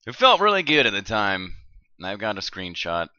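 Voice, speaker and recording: A man's voice: fairly low pitch, moderate pace, lo-fi sound. A man chatting casually with friends, swearing often and laughing a lot. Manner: profane, laughing, animated. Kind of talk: casual podcast chat with friends.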